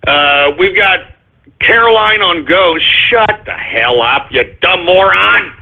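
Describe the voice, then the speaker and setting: High, husky ranting man on a tinny line. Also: lively intonation, slow. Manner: angry, profane ranting with sudden shouts. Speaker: radio show host. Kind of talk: call-in radio rant. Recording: phone-like narrow sound.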